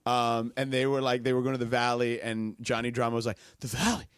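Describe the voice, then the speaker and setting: A man's voice: medium pitch, completely flat delivery, fast, clear, resonant tone, no room sound. A man hosting a radio show, telling stories in easygoing studio banter. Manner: storytelling, easygoing. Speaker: radio host.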